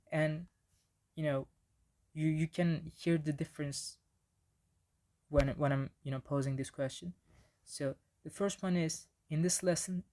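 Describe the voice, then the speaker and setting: A man's voice: fairly high pitch, darkish tone. A man giving a casual slide presentation on language in the classroom, with frequent restarts and fillers.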